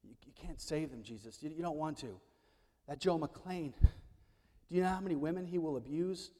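A man voicing a cruel, mocking male devil who tempts in hushed tones and then taunts. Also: high-pitched, measured pace, big-room sound. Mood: whispering, sly.

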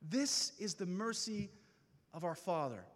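Male testimony preacher, high and animated, unhurried delivery with big pauses. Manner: impassioned, preacherly with slow dramatic pauses. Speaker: speaker at a men's gathering. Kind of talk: testimony sermon. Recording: reverberant hall.

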